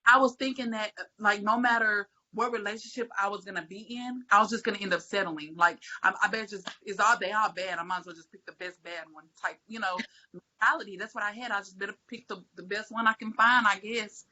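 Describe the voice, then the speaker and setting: A woman's voice: mid-range voice, fairly even intonation, fast talker, pushed and bright. A woman, talking on a faith podcast in an emphatic, preachy way and repeating phrases for stress. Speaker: podcast panelist. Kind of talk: casual faith talk. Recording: muffled lo-fi audio.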